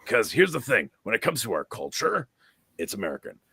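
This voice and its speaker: A man hosts a casual, opinionated chat with an emphatic, animated delivery and a bright, forceful tone. His voice is gravelly and a bit raspy, and the recording is dry and close. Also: lowish voice, fairly quick, dry recording. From Canada. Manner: animated, emphatic, repeats words. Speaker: host.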